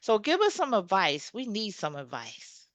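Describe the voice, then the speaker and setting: A lively woman with a Southern US twang hosts her interview show and chats playfully with her listeners. Her voice sits in a middle range, and it is recorded close and dry, with no room sound. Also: mid-range voice, normal speed, no room sound. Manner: lively, playful, chatty, addresses listeners as y'all. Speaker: podcast host. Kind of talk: casual interview chat.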